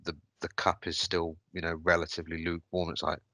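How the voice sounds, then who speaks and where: A man's voice: sits low, monotone, fast, pushed and bright, no echo. A man telling a personal story on a podcast, hesitant and reflective, often restarting his sentences. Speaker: podcast host.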